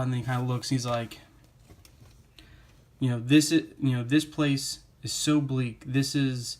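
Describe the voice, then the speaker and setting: A man's voice: mid-range voice, fairly even intonation, unhurried, long pauses, a little mellow. A man giving a casual spoken comic book review, rambling with lots of fillers like "uh" and "you know".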